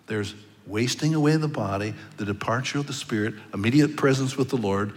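A man's voice: medium pitch, a little fast, few pauses. A man preaching a sermon, telling stories in a conversational way with occasional stammered restarts. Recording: long reverb of a large hall.

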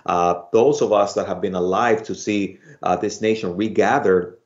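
A man's voice: low-pitched, steady tone, normal speed, muffled recording. A man with a Bronx Spanish accent hosting a Bible study program, chatting casually with many fillers. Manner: warm, laughs easily, many "uh" fillers.

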